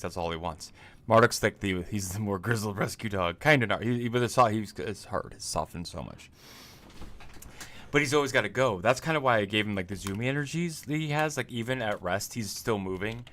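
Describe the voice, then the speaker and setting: A man's voice: medium pitch, a bit bright. A man chatting casually on a livestream as an indie game developer, rambling, laughing often and restarting his sentences.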